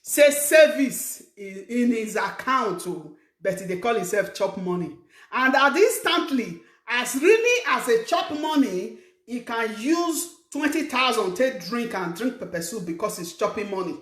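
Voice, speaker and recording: A middle-aged Nigerian woman hosting her own show, lecturing viewers in an emphatic, scolding way that rises to shouts. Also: on the high side, very animated, a little slow, echoey room. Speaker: talk show host. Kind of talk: preaching monologue to viewers. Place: living abroad, in a room.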